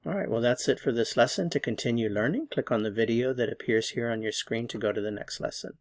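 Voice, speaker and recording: Male language tutor, measured and patient, mid-pitched, close dry mic. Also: no room sound. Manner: slow, patient explanations with spoken examples. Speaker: German language teacher. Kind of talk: recorded language lesson.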